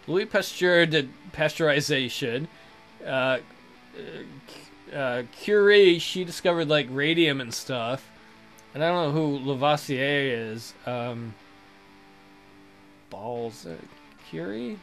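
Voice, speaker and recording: A young man casually commenting on a game and reading its text aloud, sardonic and crude, swinging between mumbled asides and loud outbursts. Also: a little high. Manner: sardonic, swears freely, jumps between deadpan mutters and loud outbursts. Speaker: let's play commentator.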